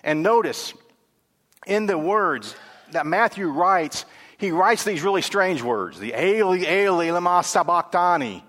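A man preaching a sermon, lively and conversational, moving between animated questions and hushed, grave passages. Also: high voice, big-room sound. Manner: self-correcting, laughs at own stumbles.

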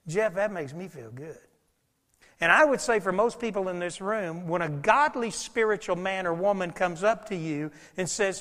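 A pastor preaching a sermon, swinging between loud, urgent passages and hushed whispers. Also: male voice, high voice, expressive, moderate pace. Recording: long hall reverb.

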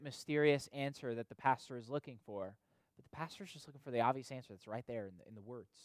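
A man's voice: mid-range voice, dry recording. A man preaching a sermon in a conversational way, often asking "right?" and repeating himself for emphasis. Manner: conversational preaching, frequent "right?" tag questions and repetitions. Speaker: pastor or youth leader.

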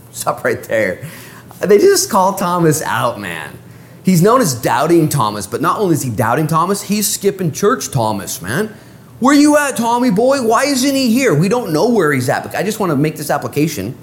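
A man preaching a casual, animated sermon as a pastor, speaking in slang and acting out the voices of the people in the story. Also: fairly high pitch.

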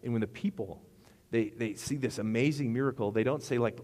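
Casual pastor preaching in a reverberant hall. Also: male voice, medium pitch, a little fast, a little mellow. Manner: casual, conversational, rambling with asides. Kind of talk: sermon.

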